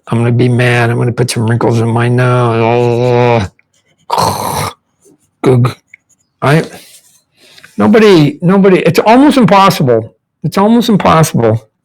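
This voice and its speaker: A man's voice: mid-range voice, rough recording. A man, a comic book artist, giving a casual drawing demonstration while he sketches, rambling and repeating words as he thinks aloud. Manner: demonstrates mouth sounds and faces.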